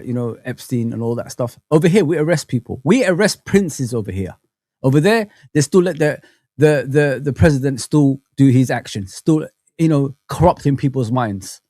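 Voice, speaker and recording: A man's voice: a little high, a little mellow, no room sound. A man hosting a live football fan stream, ranting with passion and repeating himself. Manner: impassioned, indignant, repeats himself. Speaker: host of a football fan channel. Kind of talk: live reaction rant.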